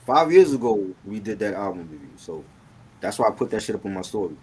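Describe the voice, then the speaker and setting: Husky guy cohosting a stream, lowish voice, short punchy comments. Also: sing-song, fast. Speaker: co-host. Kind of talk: casual live-stream chat.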